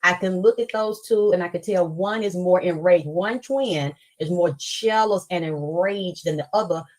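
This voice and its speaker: A woman's voice: lowish voice, normal speed, darkish tone, poor audio. A woman telling a story in an angry, profane live stream rant.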